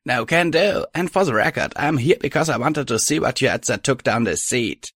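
A man's voice: mid-range voice, lively intonation, normal speed, fairly bright tone, no echo, studio quality, pitched above the performer's own voice. A man reading a story and voicing a coy, smug female alicorn pony villain who mocks lazily. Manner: teasing, lazily mocking. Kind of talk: audiobook reading of fan fiction.

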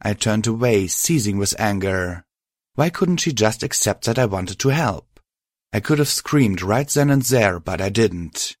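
A man reading a first-person story aloud in a steady, measured way. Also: fairly low pitch, no room sound, clean studio sound. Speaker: reader. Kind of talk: first-person fan fiction audiobook narration.

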